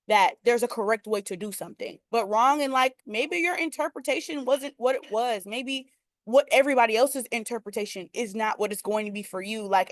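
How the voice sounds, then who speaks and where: A woman's voice: mid-range voice, no room sound. A young woman speaking candidly on a video-call panel, laughing often and filling her talk with "like" and "um". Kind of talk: casual panel conversation.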